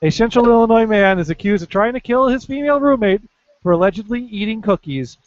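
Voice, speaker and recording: East coast guy on a podcast, reading weird news, dry sarcastic, highish voice, dull dry audio. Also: expressive, fast, no echo. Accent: East Coast American. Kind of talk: casual chat, reading news stories.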